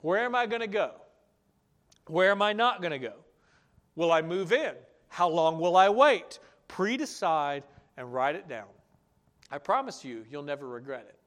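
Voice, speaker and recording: A male pastor giving a sermon, acting out his listeners' objections and then dropping to a soft, earnest tone to reassure them. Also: fairly high pitch, normal speed. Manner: animated, acts out listeners' objections in raised voices.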